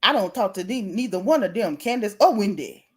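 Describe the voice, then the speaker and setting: A middle-aged woman, hosting a casual gossip livestream, animated and sassy as she reads out viewer comments. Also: mid-range voice, brisk, husky. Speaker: livestream host.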